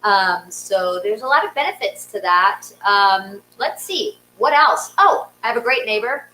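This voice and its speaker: A woman with a bright, forceful, medium-pitched voice and lively intonation speaks at a measured pace. As host and storyteller, she shares a casual, self-deprecating comic tale full of ums, recorded in a closet studio in her small apartment with roomy echo and a faint hum.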